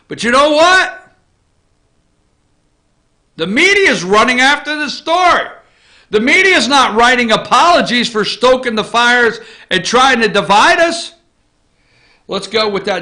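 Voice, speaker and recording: A middle-aged man hosting an opinion talk show, ranting combatively and swinging between loud and low.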